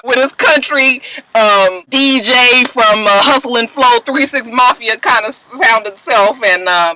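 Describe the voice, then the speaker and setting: A woman casually recaps TV episodes as a vlogger, acting out characters with put-on voices, laughing often and swearing as she goes. She's an animated storyteller with a voice on the high side, speaking a little slowly over background noise.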